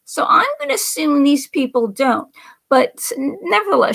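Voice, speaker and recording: A livestream host with a high-pitched voice and vocal fry rambles through political commentary, indignant and sarcastic. She makes repeated asides and drops some words to a whisper.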